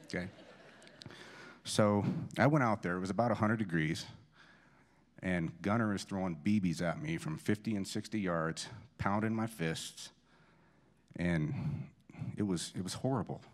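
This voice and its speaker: A man's voice: sits low, moderate pace. A man in his forties giving a eulogy in a church, telling self-deprecating, funny stories about a friend's son. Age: 40s. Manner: self-deprecating humorous anecdotes, many restarts. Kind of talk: storytelling eulogy at a memorial service.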